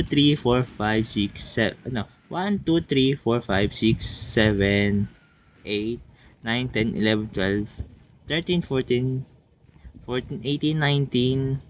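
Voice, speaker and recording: A man who speaks English as a second language, giving excitable casual gameplay commentary full of oohs and counting aloud. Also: mid-range voice, dull audio, slight background noise. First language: not English. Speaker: gameplay video creator.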